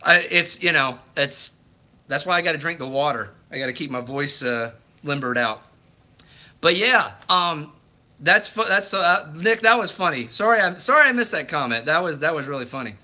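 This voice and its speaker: A man chats to his viewers on a casual livestream, rambling and restarting his sentences as he goes. His voice is bright and forceful, with a tense, energetic edge. His pitch sits a little high for a man. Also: normal speed. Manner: rambling, enthusiastic, with many restarts. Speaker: livestream host.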